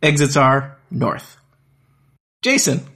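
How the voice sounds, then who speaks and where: A man acting as game master, narrating a text adventure aloud in plain, measured parser-style lines. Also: medium pitch, big pitch swings, pushed and bright.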